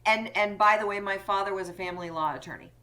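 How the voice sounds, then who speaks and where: A woman's voice: mid-range voice, quick pace, sharp tone. A woman co-parenting coach, a guest on a podcast, explaining her point earnestly. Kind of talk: conversational interview.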